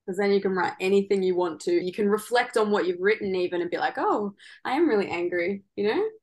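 A woman's voice: mid-range voice, fairly even intonation, fast, darkish tone. A woman hosting a podcast, chatting casually and agreeably with her guest. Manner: agreeable, casual, uses "like" and "kind of". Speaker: podcast host. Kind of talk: conversational podcast interview.

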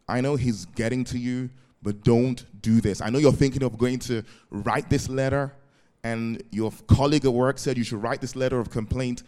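A man's voice: mid-range voice, moderate pace, mellow. A male pastor preaching a sermon, often checking if his listeners follow and breaking in with praise. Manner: keeps asking the congregation if it makes sense; repeated "praise the Lord" interjections.

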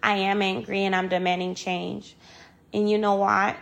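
A woman's voice: medium pitch, level tone, normal speed, gravelly, a bit bright. A woman in a personal vlog monologue, angry and frustrated, talking with passion, repeating phrases for emphasis and swearing freely. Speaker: vlogger.

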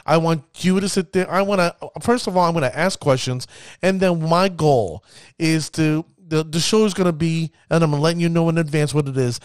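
A fired-up man hosts his own podcast, building hype and tripping over his words as he rambles. His voice sits a touch high for a man. The recording is close and dry, with no room around it. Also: no echo. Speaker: podcast host. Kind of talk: enthusiastic casual podcast talk.

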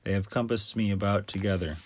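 Man giving a measured scripture reading. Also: lowish voice. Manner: measured, steady reading cadence. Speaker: scripture reader.

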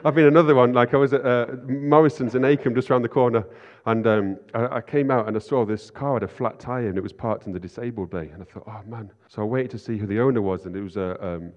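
A man's voice: mid-range voice, fast talker, hardly any pauses. A man preaching an informal sermon, chatty and self-deprecating, often asking "right?". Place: church hall. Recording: lo-fi sound in a reverberant hall.

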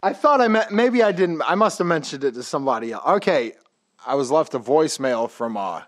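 A man's voice: fairly high pitch, expressive, brisk. Laid-back joking male podcast host. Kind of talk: casual chat.

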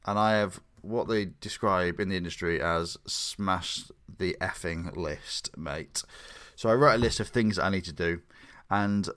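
A man's voice: sits low, unhurried, hardly any pauses, fairly bright tone. A man co-hosting a podcast in casual chat, rambling and teasing, often restarting his sentences. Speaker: podcast co-host.

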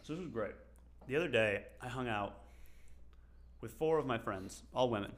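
A man's voice: mid-range voice, lively intonation, normal speed. A young man co-hosting a podcast, joking around in casual chat, swearing freely and laughing often. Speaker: podcast co-host.

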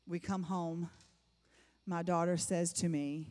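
A woman's voice: on the low side, fairly even intonation, measured pace, a little mellow. A middle-aged woman giving a personal testimony to a church congregation, emphatic and repeating phrases for effect. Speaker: church speaker. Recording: long reverb of a large hall.

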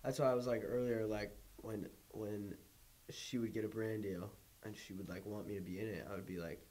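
Low-voiced man, mellow and halting. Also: steady tone, low-quality recording. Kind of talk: casual chat.

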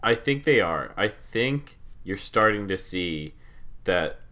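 A man's voice: low voice, animated, slow, bright, forceful tone. A man co-hosting a casual wrestling chat, laid-back and agreeable, chuckling often. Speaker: podcast co-host.

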